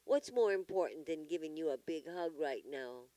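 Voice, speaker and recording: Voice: mid-range voice, animated, moderate pace, warm tone, natural voice, poor audio. A storyteller voicing a loving, worried old grandmother in a raised, altered voice. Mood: tender.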